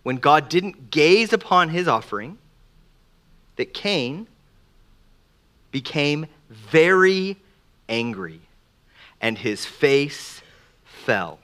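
Acting out quoted voices with plenty of animation, a middle-aged pastor delivers his sermon. He sounds a little high and speaks slowly.

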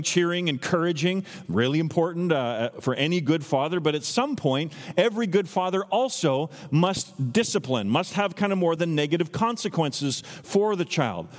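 Earnest male pastor in a reverberant church. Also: a little high. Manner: earnest teaching with lively acted-out quotes. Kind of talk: sermon. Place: church sanctuary. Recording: long reverb from a church hall.

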